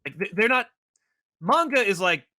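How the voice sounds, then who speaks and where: A man co-hosting a casual podcast chat, talking in long animated runs with many restarts. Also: sits high, moderate pace. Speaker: podcast co-host.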